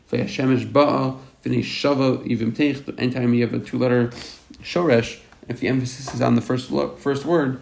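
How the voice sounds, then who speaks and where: A man reading a Hebrew commentary aloud phrase by phrase and translating each into English, often halting and correcting himself. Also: medium pitch, gravelly, darkish tone. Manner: halting, repeats and self-corrects. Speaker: Torah teacher.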